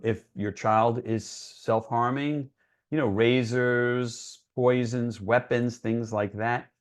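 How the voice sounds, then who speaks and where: A man giving an educational talk for parents in an earnest, reassuring, conversational way. He often checks in with his listeners by asking "right?". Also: lowish voice. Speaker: presenter for parents. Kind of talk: educational presentation.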